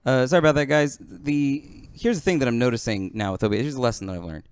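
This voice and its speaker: Smooth-voiced man hosting a podcast. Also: mid-range voice, no echo, studio quality. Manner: rambling, lots of fillers, quick bursts. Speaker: podcast host. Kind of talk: casual podcast chat.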